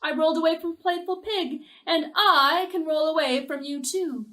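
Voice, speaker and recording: A woman's voice: high-pitched, normal speed, pushed and bright, far from the mic, pitched above the performer's own voice. A woman voicing a proud runaway pancake in a children's story, chanting its boast in a sing-song way. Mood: boastful.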